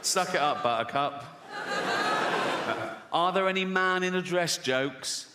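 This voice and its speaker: Man, stand-up comedian, sardonic, profane, slightly high voice, reverberant large venue, loud ambience. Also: slow pace, very noisy. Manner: sardonic, profane, frequently laughing.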